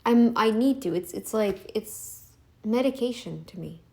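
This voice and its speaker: A woman's voice: on the high side, lively intonation, a little slow, vocal fry, mellow. A woman vlogger ranting in casual commentary, emphatic and defiant, repeating herself for effect.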